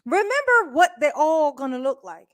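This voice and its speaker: A woman doing casual live-stream commentary, blunt and profane, chatting directly with her viewers and breaking into quick laughs. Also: high-pitched, sing-song, a bit bright, dry recording, clean studio sound. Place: indoors at home.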